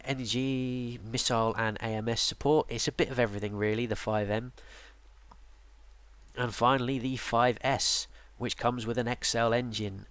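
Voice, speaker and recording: A man's voice: medium pitch, moderate pace, smooth, dry recording. Tired guy rambling through a game guide, lots of ums, dry close mic. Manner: relaxed, rambling with many ums and restarts. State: yawning, tired. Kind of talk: casual game tutorial narration.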